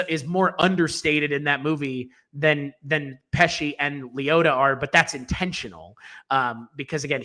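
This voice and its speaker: A man's voice: mid-range voice, pushed and bright. A man co-hosting a film podcast, giving strong, emphatic opinions in a casual, rambling way with fillers and restarts.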